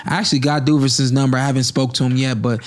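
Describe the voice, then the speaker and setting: A man hosting a casual podcast chat, an animated storyteller who laughs often. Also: medium pitch, rapid-fire. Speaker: podcast host, boxer.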